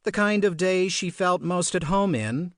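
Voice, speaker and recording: A man narrating an audiobook in a measured, expressive storytelling manner. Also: sits high, dry recording, studio quality. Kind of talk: scripted narration.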